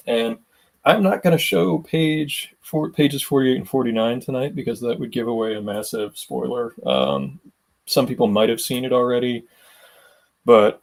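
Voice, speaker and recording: A man hosting his drawing livestream, talking casually in a halting way with many pauses while feeling unwell. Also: fairly low pitch, gravelly.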